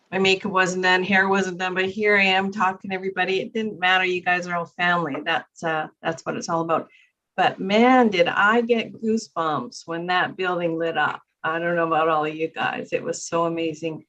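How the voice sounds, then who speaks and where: A bubbly woman chats excitedly on a video call. Her voice sits a little low and sounds as if it comes from some distance from the mic. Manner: bubbly and chatty. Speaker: meeting participant.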